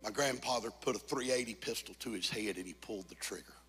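Husky-voiced preacher in a reverberant church. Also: male voice, lowish voice, quick pace, soft background music. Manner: moves from quiet confession to shouted, sung preaching climax. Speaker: pastor. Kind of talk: sermon. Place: church sanctuary.

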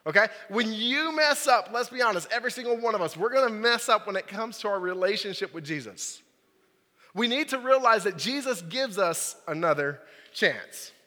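A man's voice: high-pitched, expressive, normal speed, sharp tone. A young man, a youth pastor, telling a personal story in a casual, joking sermon, full of "like" and "right?". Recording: large hall with long reverb.

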